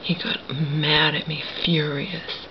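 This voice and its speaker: A woman speaking to the camera in a hushed, gravelly whisper. Her voice sits low, and she swears bitterly as she talks. The recording is dull and lo-fi, with a faint hiss underneath. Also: flat delivery, takes it slowly. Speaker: vlogger. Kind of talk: whispered personal monologue.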